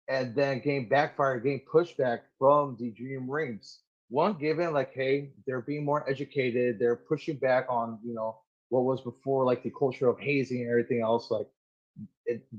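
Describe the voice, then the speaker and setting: A man in his thirties, a Marine sergeant, tells stories in a loose, lively interview. His voice sits at an ordinary pitch, and he curses casually. The recording sounds a little dull and lo-fi. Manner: animated, swears freely, acts out quoted people. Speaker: Marine gunnery sergeant, podcast guest.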